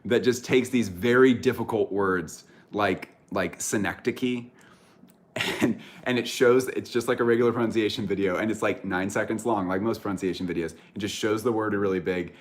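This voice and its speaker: Man, American accent, deep low voice, casual livestream chat, rambling, self-correcting. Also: normal speed. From United States. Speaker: streamer chatting with viewers.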